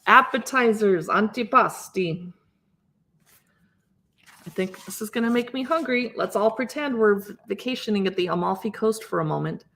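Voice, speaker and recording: A woman's voice: medium pitch, a little fast, creaky, few pauses, fairly bright tone. A woman in her fifties hosts a casual livestream, chatting as she pages through a cookbook, reading recipe names aloud and greeting viewers. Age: 50s. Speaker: livestream host.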